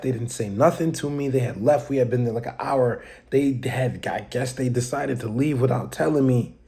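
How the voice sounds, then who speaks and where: A man's voice: mid-range voice, creaky, dark tone. A young man hosting a podcast, telling a fight story in casual slang and acting out quotes and sound effects. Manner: slangy, street talk. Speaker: podcast host.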